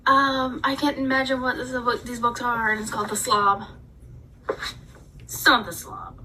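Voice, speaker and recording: A woman vlogger ranting in a casual, animated way, telling a story with dramatic asides. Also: fairly high pitch, a little slow, far from the mic, slight background noise, rough recording. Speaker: book reviewer vlogger. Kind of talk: casual rant.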